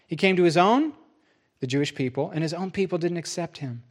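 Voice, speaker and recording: Animated, high-voiced male preacher. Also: fairly quick. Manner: lively storytelling, jumps into high voices for quotes. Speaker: pastor. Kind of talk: sermon.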